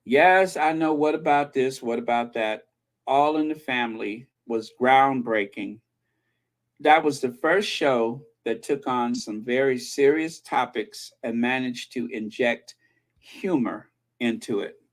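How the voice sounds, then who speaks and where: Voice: mid-range voice, a little slow. A channel host chatting casually, opinionated and breaking into snatches of old TV theme songs. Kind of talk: casual chat.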